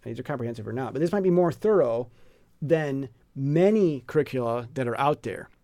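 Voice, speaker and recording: A man's voice: mid-range voice, expressive, brisk, warm tone. A man casually walking through a reading book's word lists, chatty and digressive, full of fillers and musing asides. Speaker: teacher presenting a reading curriculum. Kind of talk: casual walkthrough lesson.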